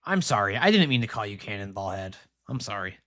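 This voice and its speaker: A man's voice: lowish voice, sing-song, brisk, a bit bright, pitched below the performer's own voice. A man voicing an awkward young male would-be pirate who sheepishly apologizes. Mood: apologetic.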